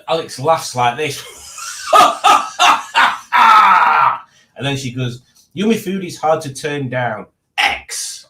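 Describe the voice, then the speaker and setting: Man, live-stream host, casual rambling chat, joking, animated pitch. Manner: rambling, jokey, reads chat aloud.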